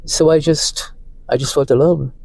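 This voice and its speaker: Shaken man, dark dry voice. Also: on the high side, steady tone, vocal fry, no echo, rough recording. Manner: distressed, halting, repeats himself. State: emotionally shaken. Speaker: vlogger. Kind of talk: emotional personal monologue. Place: parked car.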